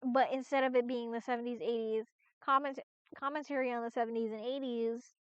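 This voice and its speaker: A woman's voice: on the high side, fairly even intonation, brisk, clear, resonant tone, dry recording. A woman streamer chatting casually on a live stream, rambling with lots of restarts and fillers and the odd swear. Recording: dull, lo-fi, dry stream audio.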